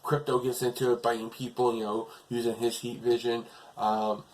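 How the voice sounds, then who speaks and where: A man's voice: medium pitch, little pitch movement, normal speed, slight background noise, poor audio. A man casually retelling a TV episode as a reviewer, rambling along with lots of fillers.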